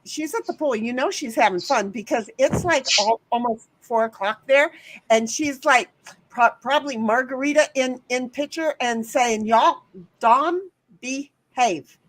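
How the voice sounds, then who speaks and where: A woman's voice: high voice, moderate pace, slight background noise, low-quality recording. An American woman hosting a casual livestream, reading chat messages aloud in a chatty, rambling, teasing way. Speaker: livestream host.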